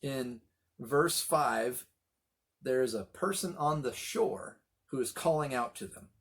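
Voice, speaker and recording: A middle-aged man leading a Bible study, telling the story with animated voices for the quoted lines. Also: medium pitch, slow. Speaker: pastor.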